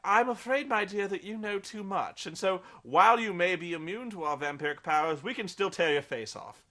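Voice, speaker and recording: Campy vampire patriarch, put on by a man, high and fey, lingering on every word. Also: bright, forceful tone. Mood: purring. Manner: fey, drawn-out, mock-gracious. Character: campy, theatrical male vampire elder.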